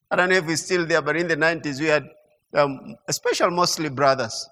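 A man preaching a sermon in an animated way, stammering through restarts and building to emphatic peaks. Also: fairly high pitch, normal speed. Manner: animated, mimics mock prayer sounds and laughs. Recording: long hall reverb.

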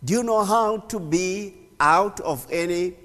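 A man's voice: high-pitched, unhurried, fairly bright tone. A man preaching a sermon as a pastor, emphatic and fervent, often laughing between points. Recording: long reverb in a hall.

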